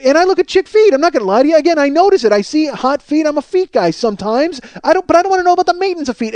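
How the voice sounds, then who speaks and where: A man's voice: extremely high pitch, animated, rapid-fire, few pauses, a little mellow, dry recording. A man hosting a comedy podcast, telling a profane story and acting out both sides of the conversation in a ranting manner. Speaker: podcast host.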